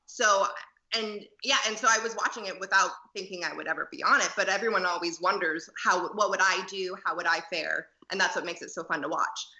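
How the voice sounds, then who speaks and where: Young woman guest, super bright voice, says like a lot, roomy dull audio. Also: lowish voice, a little fast. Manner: chatty, peppered with "like". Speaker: podcast guest. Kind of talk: casual interview chat.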